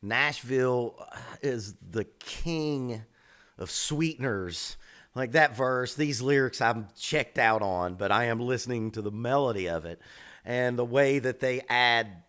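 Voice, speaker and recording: A man, a drum teacher, giving casual, blunt reaction commentary on songs, swearing freely and stressing words with lively emphasis. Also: medium pitch, a little slow.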